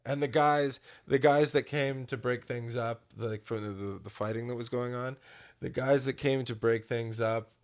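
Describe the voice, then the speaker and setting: A man's voice: medium pitch, steady tone, normal speed. A man co-hosting a podcast, chatting earnestly in long run-on thoughts. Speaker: podcast co-host. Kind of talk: casual chat.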